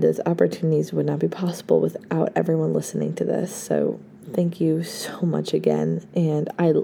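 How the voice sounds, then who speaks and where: A hoarse young woman in her late teens, a podcast host giving an earnest, effusive farewell full of thanks. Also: on the low side, mellow, slight background noise. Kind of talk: casual heartfelt farewell talk.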